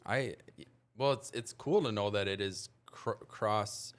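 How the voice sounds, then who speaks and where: A male podcast host with a very low, deep voice. He talks in a loose, joking way and laughs often. He keeps the chat moving by bringing up topics. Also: unhurried. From United States. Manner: jokey, laughs often, reads out quotes.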